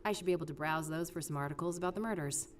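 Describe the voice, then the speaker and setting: A blunt young female private investigator played by a woman in a mystery game. She talks briskly and gets straight to the point in a very low voice. The voice sounds set back from the mic, with soft game music behind it. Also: close to an everyday voice. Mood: matter-of-fact. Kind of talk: game voice acting. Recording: distant game audio with music.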